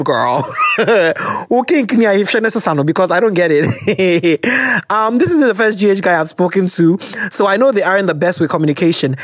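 A Ghanaian man hosts a chatty podcast, reading listener letters aloud. His delivery is lively, and his pitch rises and falls a lot as he slips between English and Twi. The sound is dry and close, with no room echo. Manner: animated, switches into Twi, laughs often. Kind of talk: casual chat.

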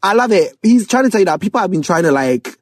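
Young guy hyped up reacting to tracks, high lively voice, dry sound, laughs a lot. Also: fast talker, no echo. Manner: excitable, laughs often, rapping lyrics aloud. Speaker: music reviewer. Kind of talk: casual music reaction commentary.

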